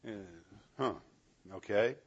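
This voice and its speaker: A man voicing a calm, commanding Jesus who questions firmly and unhurriedly, on a dull lo-fi recording. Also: takes it slowly, natural voice. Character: calm, commanding male Jesus, dryly amused.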